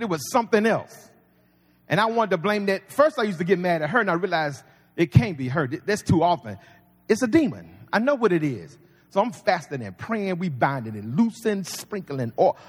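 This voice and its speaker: A man preaching a sermon as pastor, folksy and conversational with humor. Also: high-pitched. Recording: long reverb of a large hall.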